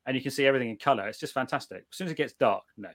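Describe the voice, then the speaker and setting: A middle-aged British man chatting casually, telling animated stories with many restarts and the odd swear word. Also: medium pitch, rapid-fire, dry recording, clean studio sound. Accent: British English. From Britain. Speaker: guest reviewer of night vision gear. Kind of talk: casual chat.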